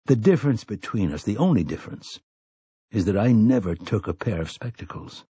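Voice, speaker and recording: Brief: male narrator as a hard, weathered gunslinger, dark and husky, slow quiet menace, audiobook. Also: lowish voice, animated, no echo. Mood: cold. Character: stern weathered male gunslinger, cold and blunt.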